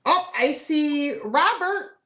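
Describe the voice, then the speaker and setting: Female live-sale host, very slow relaxed delivery, echoey room. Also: high-pitched. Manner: unhurried, laughs often.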